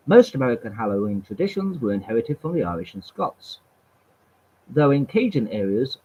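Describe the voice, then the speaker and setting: A man reads aloud from webpages with a lively, up-and-down voice and a husky edge. He trips over words, repeats himself, and drops in dry remarks between passages. The sound is thin and tinny, like a phone line. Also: medium pitch. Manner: stumbling reader, repeats words, wry asides. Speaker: channel host. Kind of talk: reading aloud from webpages with casual asides.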